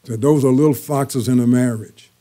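A man's voice: medium pitch, steady tone, normal speed, mellow. An older man preaching a sermon, telling folksy everyday stories and repeating key phrases for emphasis. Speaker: pastor.

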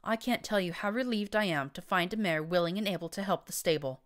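A woman voicing a manipulative female pony leader with a smooth, purring way of talking, in an audiobook reading. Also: on the low side, fairly quick, pitched above the performer's own voice, natural voice. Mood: smooth, scheming.

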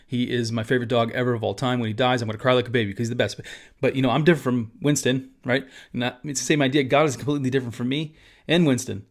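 A man's voice: mid-range voice, fairly even intonation, racing, hardly any pauses. A man, a pastor, teaching about a church confession of faith in a casual, conversational way with asides.

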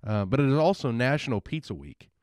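A man's voice: medium pitch, sing-song, fast, darkish tone, no echo, clean studio sound. A man co-hosting a podcast in casual chat, rambling with chuckles and often trailing off mid-thought. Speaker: podcast co-host.

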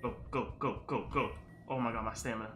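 A man giving panicky, exclaiming commentary as he plays a horror game, often yelling at the screen. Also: mid-range voice, fairly even intonation, brisk. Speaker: gaming video creator. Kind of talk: live gameplay commentary. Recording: roomy echo with loud game music behind. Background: game music.

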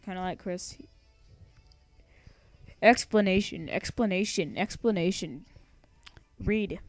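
A young woman narrating a let's play, chatty and sarcastic, rambling with singsong asides. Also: mid-range voice. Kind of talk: casual game commentary.

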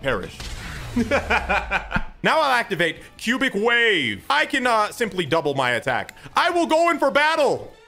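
A man streaming a game, excitable and trash-talking with loud outbursts. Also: sits high, unhurried, creaky. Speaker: gaming streamer. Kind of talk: gameplay commentary. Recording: loud game music behind.

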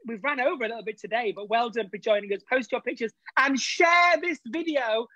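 Brief: woman co-host, high voice, dry close sound, teasing and chatty. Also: a little fast, pushed and bright, dry recording, lo-fi sound. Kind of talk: live cooking show banter over video call. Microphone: video call.

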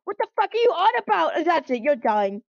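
A furious male train engine, played by a woman, loud, aggressive and swearing. His voice swings sharply in pitch. The recording is dull and dry. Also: big pitch swings, fairly quick, creaky, dry recording, heavily acted.

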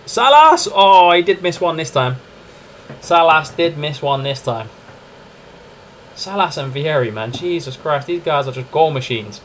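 A young man streaming a football management game, commenting live in a chatty, excitable way and calling to his viewers as lads and mates. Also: fairly high pitch, unhurried, long pauses, slight background noise. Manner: excitable, chatty, keeps addressing "lads" and "mate".

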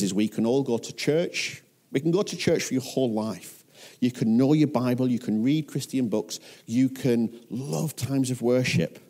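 A man's voice: medium pitch, mellow. A man with a Northern English accent preaching a sermon as a pastor, earnest and often putting questions to his listeners.

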